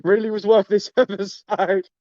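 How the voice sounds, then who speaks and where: Rambling, profane man with a slightly high voice. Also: flat delivery, moderate pace, darkish tone, dull audio. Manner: rambling, profane, stumbling restarts. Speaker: podcast host. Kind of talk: casual podcast chat.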